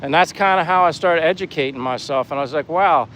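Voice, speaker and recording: A friendly Pennsylvania man in his fifties live-streams while walking by the sea in a town, rambling as he reads out viewer comments. His voice is fairly high, fast and a bit bright, on poor audio. Wind hits the mic amid faint outdoor noise, a breeze and distant street and boat sounds.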